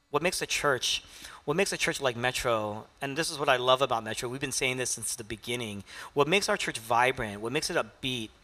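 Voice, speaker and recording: A man preaching a sermon as pastor, moving from soft hushed lines to loud emphatic peaks. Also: on the high side.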